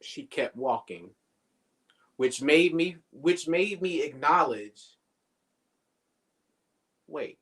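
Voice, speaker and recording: A man's voice: on the high side, lively intonation, very slow, long pauses, a bit bright. A man talking as a guest on a casual live stream over a video call, reflective and conversational, swearing casually.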